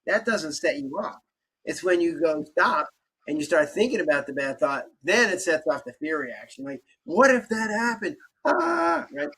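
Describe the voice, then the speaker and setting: A man's voice: a little high, husky, poor audio. A man on a podcast explaining stress coping tools and acting out both sides of conversations as he tells stories. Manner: animated storytelling, acts out both sides of conversations. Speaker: podcast guest doctor.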